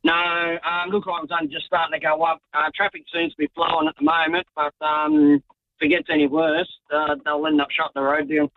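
A man calling in to a radio show to report a traffic incident, speaking in a halting way with many fillers over a tinny phone line. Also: fairly high pitch, very animated, creaky, no echo. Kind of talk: phone-in call.

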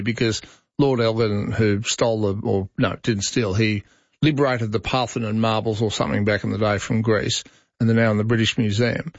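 A middle-aged Australian man with a mid-range voice chats on talkback radio, giving his take on what listeners send in. The studio microphone recording is dry, with slightly dull broadcast audio.

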